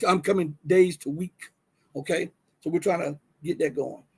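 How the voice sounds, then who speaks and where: A Southern man hosts a casual livestream, talking to his viewers as he reads from the screen. His voice sits high and sounds husky, and he pushes his points with plenty of restarts. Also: moderate pace. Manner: animated, talks to viewers directly, many restarts and fillers. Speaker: livestream host.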